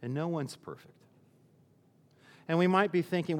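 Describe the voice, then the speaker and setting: A man's voice: a little high, moderate pace, long reverb tail. A male pastor preaching a sermon in a conversational way, often restarting his sentences and using fillers.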